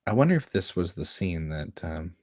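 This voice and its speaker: A man's voice: deep voice, big pitch swings, moderate pace, darkish tone, no room sound, studio quality. A man hosting a casual watchalong, chatting about a television episode, laughing often and quoting lines from the scene. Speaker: show host commenting on an episode.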